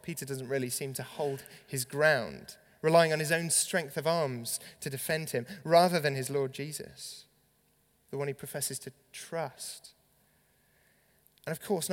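A man preaching a sermon, reading scripture aloud with dramatic rises and drops in emphasis. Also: on the high side. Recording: long reverb.

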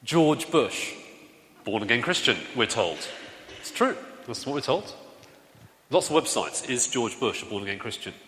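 A man's voice: medium pitch, animated, moderate pace, fairly bright tone. A man preaching a sermon in an easygoing, conversational way, telling stories and asking the room questions. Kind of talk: sermon with audience interaction. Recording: long hall reverb.

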